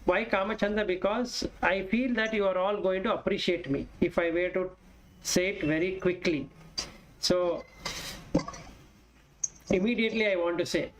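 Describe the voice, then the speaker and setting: A man's voice: sits high, normal speed, pauses often, slight background noise, low-quality recording. A man giving a Buddhist dharma talk, explaining with everyday examples and chanting Pali verses. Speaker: Buddhist Dhamma teacher.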